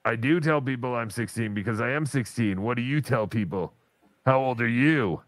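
A man's voice: medium pitch, moderate pace, dry recording. A man hosting a casual livestream show, teasing and bossing around his guest. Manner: teasing, mock-bossy. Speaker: podcast host.

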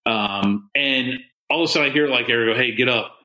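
Bright-voiced male co-host, profane and animated, in an echoey room. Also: medium pitch, fairly quick. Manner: profane, animated, swings into loud quoted voices. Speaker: podcast co-host. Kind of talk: casual storytelling. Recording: roomy echo.

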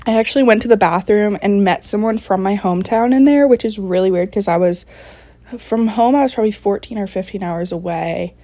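A woman in her early twenties hosting a podcast. She tells a story in a chatty, excitable way and fills her talk with lots of "like". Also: mid-range voice, brisk, dry recording. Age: early 20s. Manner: chatty, filler-heavy, excitable. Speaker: podcast host. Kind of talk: casual storytelling recap.

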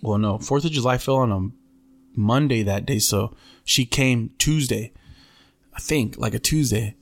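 A man in a mid-pitched voice spins a long story on a podcast. He talks loose and slangy, swears freely and tosses in "bro" again and again. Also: a little slow, vocal fry. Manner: profane, slangy, keeps saying "bro". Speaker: podcast host.

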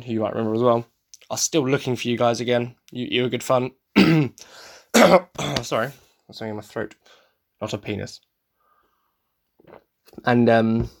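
A young man from the UK chats on his podcast in a loose, rambling way. He sounds tired, swears freely and breaks into laughs between points. His voice sits at an ordinary middle pitch. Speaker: podcast host. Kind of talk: casual solo chat.

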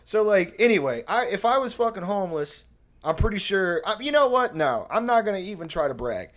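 A man on a casual podcast, telling stories in a rambling, profane, animated way. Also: high-pitched, brisk. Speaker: podcast co-host. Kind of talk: casual comedic chat.

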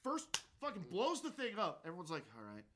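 A man's voice: high voice, big pitch swings, fairly quick, noisy background. A man hosting a casual podcast with friends, laughing often and slipping into mock voices as he talks. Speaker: podcast host. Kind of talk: casual group chat.

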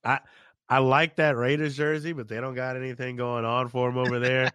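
Co-hosting a casual sports podcast, a man offers blunt, opinionated takes and laughs often. His medium-pitched voice is clear, resonant and fairly bright, with a flat, brisk delivery on a dry studio-quality recording.

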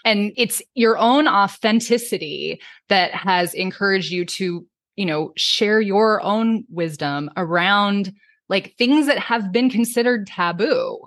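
A woman's voice: mid-range voice, slow, fairly bright tone, dry recording, clean studio sound. A woman hosting a podcast interview, encouraging and affirming her guest as she asks questions. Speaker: podcast host.

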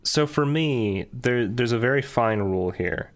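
A man's voice: medium pitch, animated, measured pace. A man co-hosting a podcast in casual chat, rambling and laughing often. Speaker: podcast co-host.

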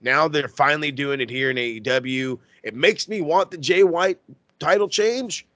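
Excitable, profane man with a bright voice. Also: fairly high pitch, normal speed, no room sound. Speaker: podcast co-host. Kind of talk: casual chat.

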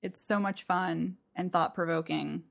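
A woman's voice: on the low side, fairly even intonation, unhurried, vocal fry. A woman co-hosting a podcast in casual chat, mostly giving short agreeing replies. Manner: agreeable, lots of short affirmations. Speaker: podcast co-host.

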